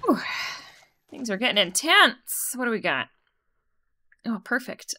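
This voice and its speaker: A woman's voice: a little high, big pitch swings, a little slow, sharp tone. Young woman streamer, casual profane game commentary, bouncy delivery. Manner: joking, swears a lot, talks to chat.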